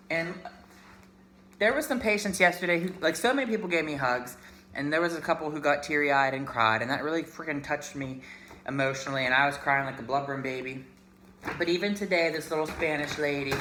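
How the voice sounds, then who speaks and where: A man's voice: on the high side, bright, forceful tone, slight background noise. A chatty, emotional man from Pittsburgh, talking casually in a vlog and mixing in Spanish words. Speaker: vlogger.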